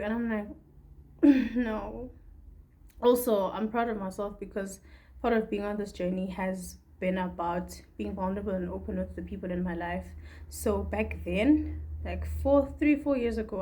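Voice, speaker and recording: A woman's voice: mid-range voice, a little mellow. A young woman from Africa, talking through a candid, rambling personal video diary. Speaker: vlogger.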